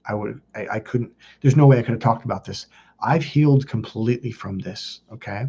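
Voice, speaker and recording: A man's voice: lowish voice, dark tone, highs cut off, a little hiss or hum. A man hosting a self-help video, telling personal stories in a blunt, profane, casual way. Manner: blunt and profane, quick asides. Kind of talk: casual confessional storytelling.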